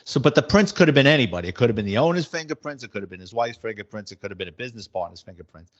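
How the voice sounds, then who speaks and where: A middle-aged former police detective, casually telling wisecracking anecdotes in a blunt way. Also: male voice, medium pitch, lively intonation, racing. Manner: blunt, wisecracking, acts out quoted dialogue. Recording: slightly muffled audio.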